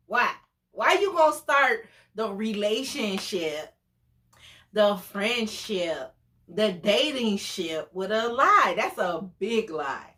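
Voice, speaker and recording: A woman in her forties telling a story casually, animated and exclamatory, often breaking into laughter. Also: mid-range voice, slow pace. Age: 40s. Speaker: storytime vlogger.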